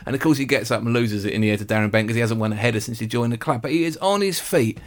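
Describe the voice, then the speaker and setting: A rapid-fire man in casual football talk. He tells stories with plenty of energy. His pitch leaps up whenever he acts out what someone said. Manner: animated storyteller, jumps up in pitch for quotes. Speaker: football podcast host. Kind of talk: casual chat.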